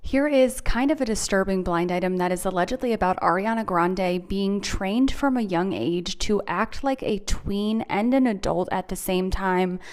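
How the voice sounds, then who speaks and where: A woman reading a scripted narration in an even, matter-of-fact way. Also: medium pitch, moderate pace, few pauses.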